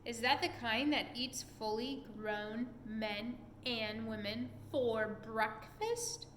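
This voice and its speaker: A woman voicing a gloomy, worried male police chief in a storybook, fretful and drawn-out. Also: fairly high pitch, a bit bright, echoey room, slight background noise.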